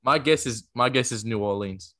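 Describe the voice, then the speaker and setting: A man with a bright, forceful voice trades jokes and swears freely as he chats about a movie. His voice is close and dry, with no room around it. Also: mid-range voice, moderate pace, no room sound. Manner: profane, joking, teasing. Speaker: podcast co-host. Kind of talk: casual movie chat.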